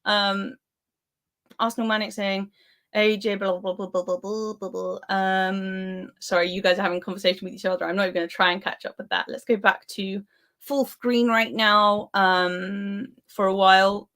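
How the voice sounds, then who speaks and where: A woman's voice: mid-range voice, little pitch movement, normal speed, fairly bright tone. A young woman who grew up in Spain, hosting a football live stream in casual, giggly chat and reading viewers' comments aloud. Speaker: football channel host.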